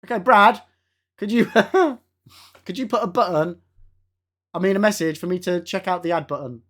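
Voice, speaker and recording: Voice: mid-range voice, moderate pace, a bit bright. A game streamer chatting casually with live viewers, laughing often and swearing now and then.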